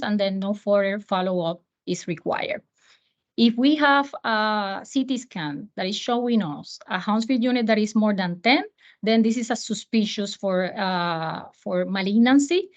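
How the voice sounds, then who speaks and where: A woman physician with a Spanish accent presents a medical lecture in a measured way, with occasional fillers. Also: medium pitch. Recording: muffled lo-fi audio.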